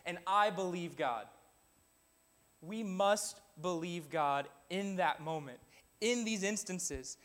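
High-voiced man preaching a sermon. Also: a bit bright. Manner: earnest, reads scripture aloud then exhorts the congregation. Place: church building.

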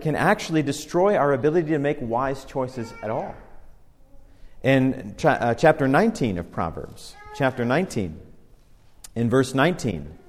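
A male pastor preaching a sermon in a conversational way, slowing down and stressing each scripture verse he reads. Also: medium pitch, a little mellow. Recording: long hall reverb.

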